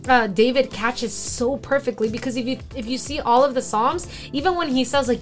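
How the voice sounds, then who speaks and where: A woman with a rather high voice shares her thoughts in a casual faith discussion. She is chatty, leans on "like" and keeps apologizing for talking too much. Faint music plays underneath. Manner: chatty, fast, lots of "like", self-deprecating. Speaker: co-host.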